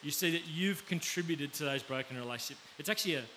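A man with an Australian accent preaching a conversational sermon, often pausing to check in with his listeners. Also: a little high, pushed and bright. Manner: conversational, pauses to ask the audience. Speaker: pastor. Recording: faint background hiss.

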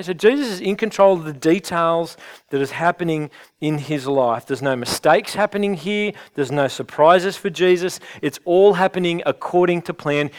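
A man's voice: a little high, smooth. A man preaching a sermon in an earnest, conversational way, often restarting his phrases. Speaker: pastor.

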